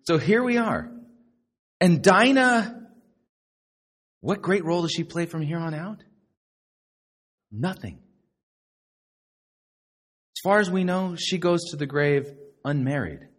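A middle-aged man preaching a sermon to a live congregation, sarcastic and animated, now and then mocking other people's voices. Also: on the high side, takes it slowly, pauses often. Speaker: pastor.

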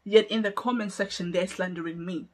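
A woman's voice: mid-range voice, steady tone, a little fast. A woman hosting a solo podcast, making an emphatic, argumentative case with many rhetorical questions and laughing between points. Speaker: podcast host.

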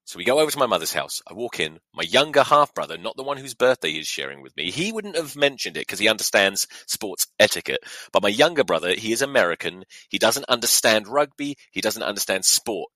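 Animated sweary man. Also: on the low side, brisk, hardly any pauses, no room sound, poor audio. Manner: animated, sweary, mock-outraged. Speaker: podcast host. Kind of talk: casual comedic monologue.

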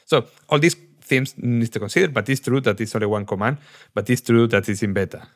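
A man with a Spanish accent, co-hosting a podcast in casual chat, animated and laughing as he searches for his words. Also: mid-range voice, a little fast. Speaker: podcast co-host.

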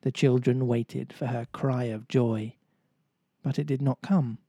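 A man reading a storybook aloud in a playful, warm-humored way. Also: mid-range voice, steady tone, a little slow, breathy edge, no room sound. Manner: playful, jokes and laughs with listeners. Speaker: storybook reader. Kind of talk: storybook narration read aloud.

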